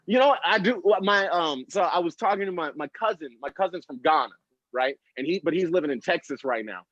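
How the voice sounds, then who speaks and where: A man's voice: high-pitched, lively intonation, moderate pace, fairly bright tone, no room sound. An American man doing a stand-up set, with a laid-back, rambling delivery and laughs at his own jokes. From United States. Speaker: stand-up comedian. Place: small comedy stage before a live audience. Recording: dry, slightly muffled live recording.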